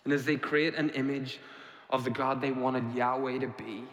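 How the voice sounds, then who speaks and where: A man's voice: mid-range voice, steady tone, moderate pace, fairly bright tone. Male pastor delivering an emphatic sermon with rhetorical questions, mid-range voice, recorded with long hall reverb.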